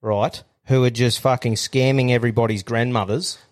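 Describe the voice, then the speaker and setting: Brief: young Australian man, podcast co-host, crude and swearing, animated storyteller. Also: medium pitch, moderate pace. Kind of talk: casual chat.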